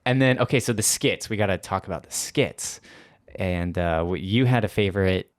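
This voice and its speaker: A man's voice: low voice, moderate pace, dry recording. A man co-hosting a podcast, chatting casually in a rambling, self-correcting, jokey way. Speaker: podcast co-host. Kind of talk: casual chat.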